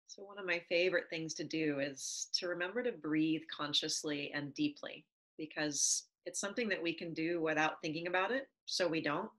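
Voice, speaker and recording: A woman yoga instructor talking calmly and steadily, leading a guided breathing exercise. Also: deep voice, moderate pace, rough recording.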